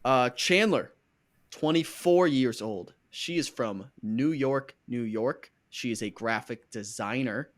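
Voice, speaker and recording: A man's voice: medium pitch, slow. Chatty, joking male podcast host. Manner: chatty, joking, rambling with fillers. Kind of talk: casual podcast chat.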